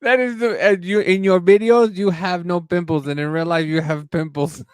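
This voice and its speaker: A man's voice: high voice, steady tone, normal speed, smooth, dry recording, clean studio sound. A man co-hosting a podcast, chatting casually and bluntly, swearing now and then. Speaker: podcast co-host. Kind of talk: casual chat.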